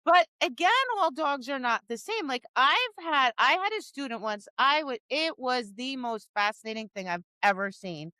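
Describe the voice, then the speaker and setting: A woman's voice: high-pitched, normal speed, few pauses, no room sound. A woman co-hosting a dog training podcast, telling stories in casual chat and acting out quotes. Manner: animated storytelling with acted-out quotes, many restarts.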